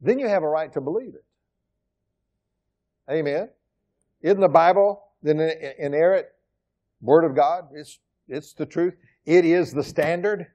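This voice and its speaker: A middle-aged man preaching a sermon as pastor, emphatic, swinging from loud exclamations to quiet asides. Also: a little high, measured pace, pauses often, muffled recording. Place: church sanctuary.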